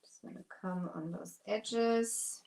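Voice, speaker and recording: A woman's voice: medium pitch, slow, very noisy. A woman who owns a craft shop, hosting a casual live stream. She talks while she works and thanks her viewers by name. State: out of breath.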